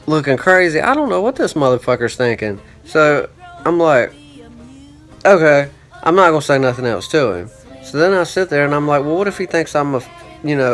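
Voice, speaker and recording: A man's voice: a little high, a bit bright. A man telling a rambling, profane story in a casual vlog monologue, with lots of "I'm like" and asides. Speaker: vlogger.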